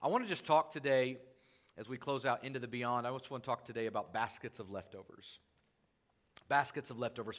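A male pastor preaching a sermon in a church, talking to the congregation in casual asides and rising loud when he quotes scripture. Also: mid-range voice, brisk.

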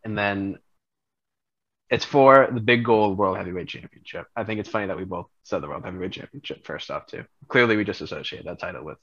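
A lower-pitched man with a bright, forceful tone walks through a made-up storyline in casual podcast chat. He rambles and restarts as he goes, and his voice is a little dull on a lo-fi mic. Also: brisk. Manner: rambling, animated storyteller, laughs often. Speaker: podcast co-host.

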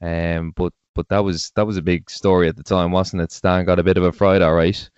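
Deep-voiced Irish podcast host. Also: male voice, flat delivery, fairly quick, darkish tone, clean tone, no echo. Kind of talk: casual podcast chat. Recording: dull lo-fi sound, dry.

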